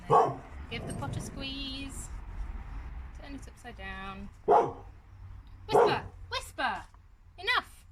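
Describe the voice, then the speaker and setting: A woman's voice: high voice, slow pace, long pauses. Chatty woman repotting plants outdoors. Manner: chatty, giggly, talks to her dog while working. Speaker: gardening vlogger. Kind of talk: casual gardening tutorial. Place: garden outdoors. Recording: noisy outdoor recording.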